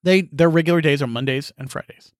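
A middle-aged man rants on his own podcast in a frank, exasperated way, with some swearing. His voice sits a little high for a man. The sound is dry and close, with no room echo. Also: fast talker. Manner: frank, exasperated, swears freely, sighs and laughs. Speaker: podcast host. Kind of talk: casual solo monologue.

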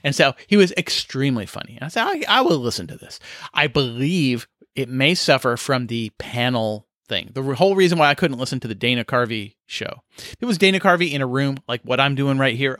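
A man's voice: medium pitch, fairly bright tone, no room sound, clean studio sound. A man hosting a solo podcast, talking casually in a rambling, chatty way with lots of fillers, recorded in a small room. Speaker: podcast host.

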